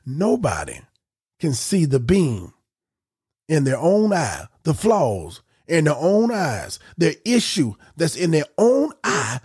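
A man's voice: fairly high pitch, wildly swooping pitch, slow, a little mellow, slightly rough. A man hosting a podcast, preaching in a conversational, folksy way with emphatic repetition and casual asides.

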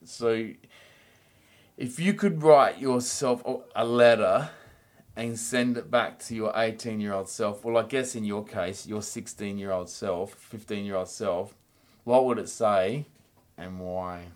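A man's voice: lowish voice, a little slow, darkish tone. An Australian man hosting a casual podcast chat, telling rambling stories and swearing freely. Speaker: podcast host.

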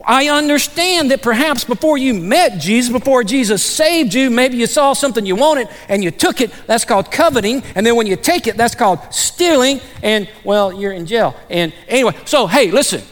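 Male pastor, animated conversational sermon delivery full of restarts, higher voice, long reverb. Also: normal speed, hardly any pauses. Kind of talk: sermon with storytelling.

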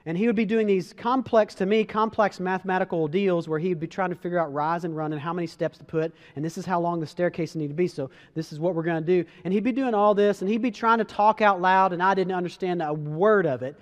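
A man's voice: high voice, fast talker, few pauses. A man giving an earnest, conversational talk to an audience, telling personal stories with frequent restarts and calling his listeners guys. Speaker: speaker giving a motivational talk.

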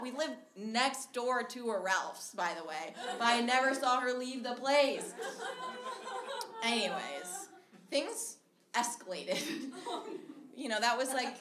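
A woman's voice: fairly high pitch, slow. A young woman from Minnesota telling a funny story live on stage, chatty and laughing as she goes. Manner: chatty, animated, laughs through her story. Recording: echoey live room with loud background noise.

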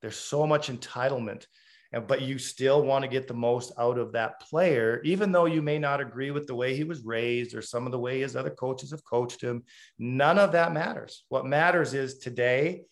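A man's voice: mid-range voice, normal speed. A middle-aged man, a former hockey coach, telling stories bluntly and with emphasis in an interview. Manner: emphatic storyteller; blunt and direct. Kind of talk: casual interview talk.

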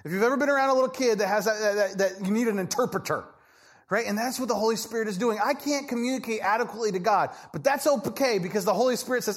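A man preaching a sermon in a conversational, animated way, often asking "right?" and acting out voices. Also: high-pitched, fast. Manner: acts out people in quoted voices. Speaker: pastor.

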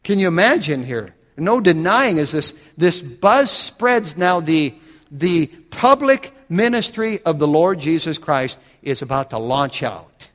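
Guy preaching, kinda high voice, dramatic build-ups, echoey hall. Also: lively intonation, unhurried, fairly bright tone. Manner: dramatic, swelling emphasis, reads scripture aloud. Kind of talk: sermon.

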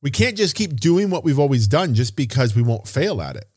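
A man's voice: medium pitch, big pitch swings, fairly quick, a little mellow, breathy edge, dry recording, clean studio sound. A man hosting a solo motivational podcast as a business coach, speaking casually and stressing points by repeating phrases. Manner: casual, occasional swearing.

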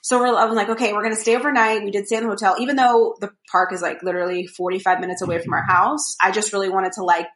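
A young woman chats on a podcast, telling a story that wanders, full of fillers and acted-out quotes. Her voice sits at a middle pitch and carries echo from the room around her. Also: fairly even intonation, very fast, few pauses, fairly bright tone. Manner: rambling storyteller, many fillers, acts out quotes. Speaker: podcast co-host. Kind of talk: casual chat.

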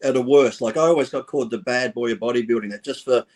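A man's voice: mid-range voice, fast talker, darkish tone. Blunt, swearing man. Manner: blunt and profane, speaks his mind. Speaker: podcast guest. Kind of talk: casual podcast chat.

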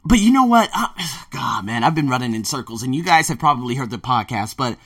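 A man hosting a casual monologue podcast as a language teacher working abroad, telling stories in an animated way and swearing freely. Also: mid-range voice, fairly quick. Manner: animated storyteller who acts out his own quotes, swears freely. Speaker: podcast host.

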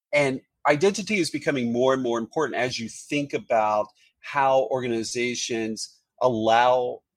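A man speaks as an HR executive guest on a podcast, with a measured, corporate delivery full of small fillers. His voice sits at an ordinary middle pitch. The recording is dry and close, with no room sound. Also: no echo. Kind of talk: podcast interview answers.

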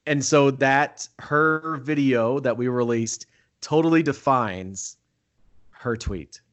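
A man chatting casually as host, telling an excitable story and acting out what people said. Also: medium pitch, takes it slowly, highs cut off. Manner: excitable storyteller, acts out quoted talk. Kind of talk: casual chat.

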